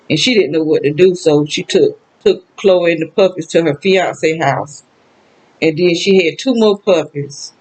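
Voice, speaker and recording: Her voice sits on the low side and sounds a little mellow, though the recording is rough. She's an older Southern vlogger, sad and rambling as she talks alone to the camera in a casual, emotional monologue, often laughing and exclaiming.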